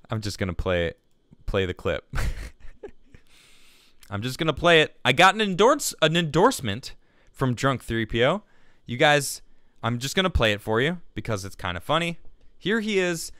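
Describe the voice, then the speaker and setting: Man, stream host, casual chat, reads viewer comments, smooth clear voice, dry close sound. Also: mid-range voice, sing-song, unhurried, pauses often, fairly bright tone, dry recording. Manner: chatty, laughs easily, stumbles and restarts often. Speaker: livestream show host. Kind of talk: casual chat, reading viewer messages aloud.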